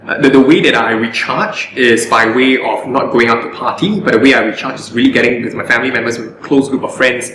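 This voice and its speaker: A man's voice: mid-range voice, steady tone, fairly quick, hardly any pauses, echoey room, noisy background. A man coaching on public speaking in a live Q&A, earnest and often repeating words as he finds his phrasing. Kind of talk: live stream Q&A.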